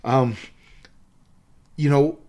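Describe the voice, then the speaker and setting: A man's voice: mid-range voice, steady tone, drawn-out words, dark tone. Man, 50s, Southern US accent, photography instructor, emphatic, repeats himself, casual teaching. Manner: emphatic, repeats key points.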